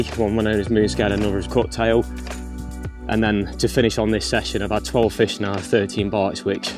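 Deep-voiced angler, plain and steady. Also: male voice. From England. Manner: matter-of-fact, explains step by step. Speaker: carp angler presenting a fishing feature. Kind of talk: casual instructional talk. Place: outdoors by a lake. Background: background music.

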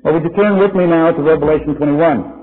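A hoarse man with a fairly high voice preaches to a congregation, trading folksy humor for slow, emphatic questions. The old recording sounds thin and phone-like, and the hall gives it a long, lingering echo. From California. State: hoarse with laryngitis. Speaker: guest preacher. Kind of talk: sermon to a live congregation. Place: church hall with live audience.

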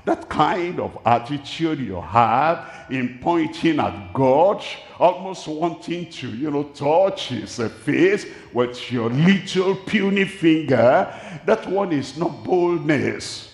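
A man with a Nigerian accent preaching a sermon at a large crusade, speaking slowly and deliberately, repeating his key phrases. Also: fairly high pitch, lively intonation. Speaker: pastor. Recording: echoey hall, voice from a distance.

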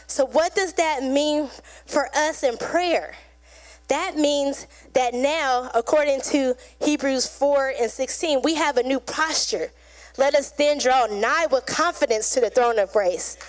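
A woman preaching a sermon in a casual, conversational way, acting out little quotes as she goes. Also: high-pitched.

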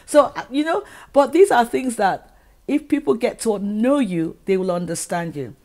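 A woman's voice: on the high side, lively intonation, normal speed, darkish tone. A middle-aged woman from Africa, hosting her own advice vlog and talking earnestly to the camera, full of rhetorical questions. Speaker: channel host and educator.

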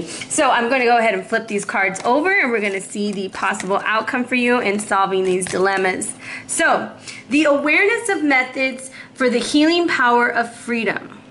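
A woman giving a casual tarot reading to the viewer, chatty and lively, slightly out of breath. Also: fairly high pitch, normal speed. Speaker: tarot reader. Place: warm indoor room. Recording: roomy echo, faint background noise.

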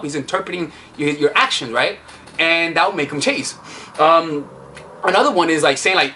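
Young male dating coach, slightly high and bright, brash and profane, animated delivery. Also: fast, a little hiss or hum. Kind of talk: casual advice monologue.

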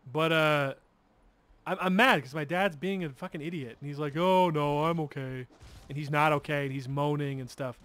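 A man's voice: a little high, a bit bright. Rambling, foul-mouthed young-sounding man. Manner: rambling, profane, restarts a lot. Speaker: gamer streamer. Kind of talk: casual storytelling while playing.

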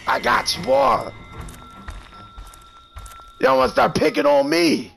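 A male streamer playing a horror video game taunts, curses, and mock-threatens the other players nonstop, with game music loud in the background. His extremely high voice has lively intonation, a slow pace, and vocal fry.

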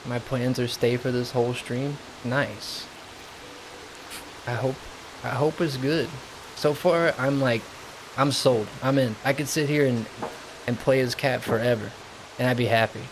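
A man streaming a video game live, chatting casually and reacting excitedly with gasps and laughs. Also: medium pitch, unhurried, pauses often, slight background noise. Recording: game music under the voice. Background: game music clearly audible.

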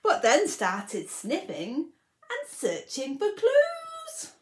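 A woman reading a rhyming picture book aloud to children for a library storytime, very expressive, with whispered asides. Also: very high-pitched, drawn-out words.

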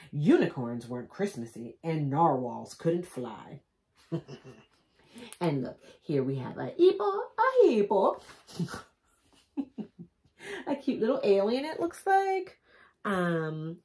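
Low-voiced woman, lively swings, chatty storybook read-aloud. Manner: animated, chatty asides, laughs at own jokes. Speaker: vlogger reading a picture book. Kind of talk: picture-book read-aloud with chatty commentary.

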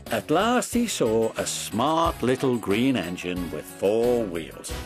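A man narrating a children's story in a slow, animated reading. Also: medium pitch. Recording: dry close recording with soft music.

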